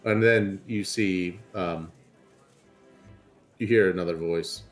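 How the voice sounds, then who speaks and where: Low-voiced guy running a tabletop game, relaxed and chatty, music behind. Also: slow, long pauses. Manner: loose, conversational narration with fillers. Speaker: game master.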